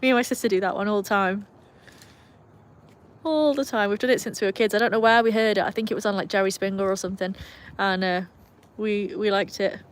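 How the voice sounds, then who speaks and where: A woman's voice: mid-range voice, fairly even intonation, brisk. A young British woman talks casually into her phone on an outdoor live stream. Her chat wanders and pokes fun at herself, and she reads out her viewers' comments as she goes. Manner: chatty, self-mocking, reads viewer comments aloud. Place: outdoors in cold weather with her dogs.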